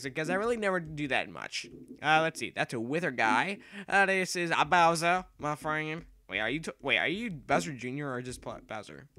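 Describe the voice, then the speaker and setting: A young man commentating his own gameplay, excitable and rambling, yelling and repeating himself as he plays. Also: on the high side. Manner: excitable, yells and shrieks when playing. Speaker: gaming YouTuber.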